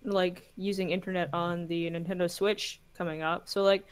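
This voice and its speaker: A woman's voice: fairly low pitch, level tone, normal speed, clean tone. A woman chatting on a gaming podcast, chatty and teasing. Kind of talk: casual podcast chat.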